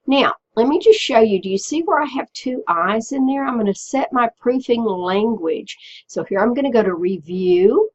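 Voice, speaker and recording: A woman teacher walking students through a software tutorial step by step, patiently checking in with them as she goes. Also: mid-range voice, lo-fi sound. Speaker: Spanish teacher. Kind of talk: screen-recorded software tutorial.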